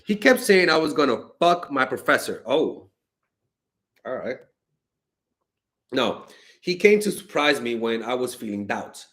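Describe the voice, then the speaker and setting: A young man giving blunt, animated dating advice to fans in a casual stream, swearing freely and sounding exasperated. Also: mid-range voice, unhurried, pauses often. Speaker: dating coach answering fan questions.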